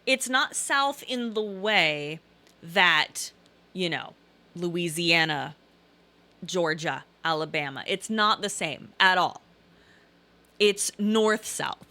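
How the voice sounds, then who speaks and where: A middle-aged woman with a faint Southern Illinois twang chats casually on a live stream, reading comments aloud. Her voice is bright and forceful, and she rambles, repeats herself and throws in pleading asides. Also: on the low side, takes it slowly.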